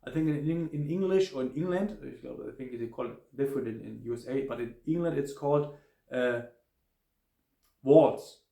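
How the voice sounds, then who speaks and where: A man with a German accent giving a casual spoken hotel review, halting, with many fillers and restarts. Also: mid-range voice, creaky, dark tone, roomy sound.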